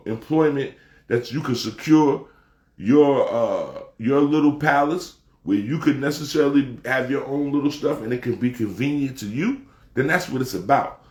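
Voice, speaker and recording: A man delivering a heated, profane casual rant, talking with emphasis and rising to shouts. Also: mid-range voice, reverberant. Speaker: commentator.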